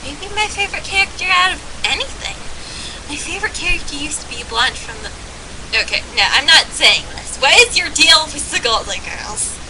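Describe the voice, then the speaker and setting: A woman's voice: high-pitched, animated, moderate pace. A young woman counting down in comedy, mock-emotional and overwrought. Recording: noisy hiss.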